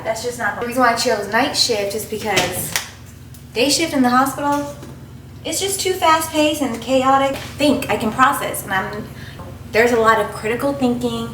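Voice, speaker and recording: A woman's voice: moderate pace, reverberant. Chatty young woman vlogging over noise. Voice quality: giggly and excitable, voice jumps high when moved. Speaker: night-shift hospital nurse. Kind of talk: casual vlog to camera. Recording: noisy background hiss.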